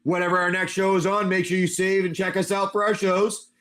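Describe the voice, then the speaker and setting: A man running a tabletop game on a livestream, narrating dice rolls and combat in an animated, excitable way. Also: high-pitched, a little fast. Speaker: game master.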